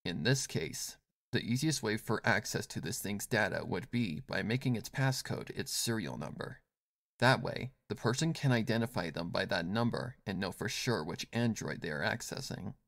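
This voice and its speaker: A man voicing a cool, low-spoken female agent. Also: expressive, normal speed, vocal fry, no room sound, studio quality. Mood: confident. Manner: low, hushed, self-assured.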